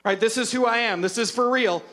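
A male pastor with a high, bright-toned voice delivers a sermon. He tells scripture stories with playful humor and lively energy, then turns earnest as he speaks to the congregation. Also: a little fast. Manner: animated, humorous storytelling of scripture.

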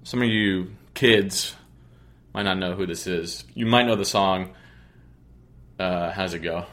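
A man's voice: low-pitched, slow pace, a bit bright. A man hosting a sports podcast, chatting casually with a sarcastic, rambling, joking manner. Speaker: podcast host.

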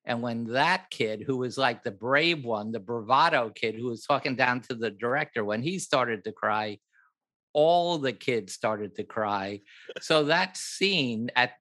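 Older male director, guest storyteller, bright and forceful delivery, acts out the dialogue. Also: medium pitch, unhurried. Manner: animated, acts out other people's lines, laughs at his own story. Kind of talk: anecdotal storytelling in an interview.

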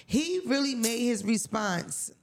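This podcast co-host has a very high voice and takes his time, yet he tells stories bluntly and profanely with lots of energy. It's a casual chat between hosts.

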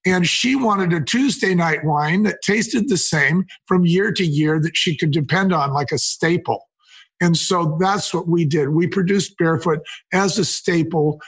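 A man's voice: fairly high pitch, measured pace, slightly rough. An older man, a wine company co-founder, telling anecdotes in a casual interview. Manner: anecdotal, quotes people in lively retellings.

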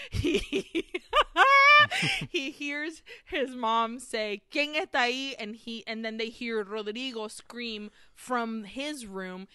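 A woman co-hosting a casual podcast, walking through a film plot with eager, laughing restarts. Her voice is bright and crisp, recorded close and dry. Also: on the high side, no echo. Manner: excited, retelling scenes with laughs and restarts. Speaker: podcast co-host. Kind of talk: casual film recap chat.

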